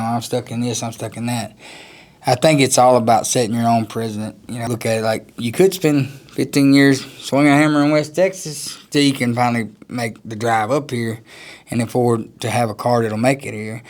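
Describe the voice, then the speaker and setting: A man, a country musician, talking casually in an interview, rambling and laughing often. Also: mid-range voice. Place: outdoors at a music festival.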